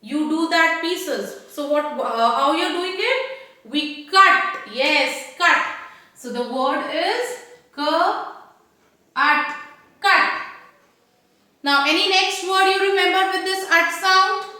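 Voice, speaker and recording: A woman's voice: very high voice, slow, long pauses, bright, forceful tone. A woman teacher with an Indian English accent, patiently sounding out rhyming words and asking young children questions in a phonics lesson. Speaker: kindergarten teacher. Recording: very echoey room.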